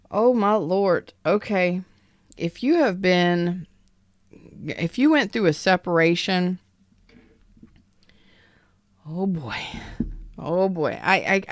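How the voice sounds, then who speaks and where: Slow, soft-spoken woman tarot reader. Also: no echo. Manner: keeps her voice low and soft. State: recovering from an illness. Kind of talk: casual live tarot reading.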